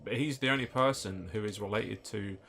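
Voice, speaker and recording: A man's voice: on the low side, normal speed, vocal fry, a bit bright, faint music behind. A young British man co-hosting a game playthrough, sweary and jokey, drifting into long rants. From United Kingdom. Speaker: let's play co-host. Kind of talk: casual gaming banter. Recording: faint background noise.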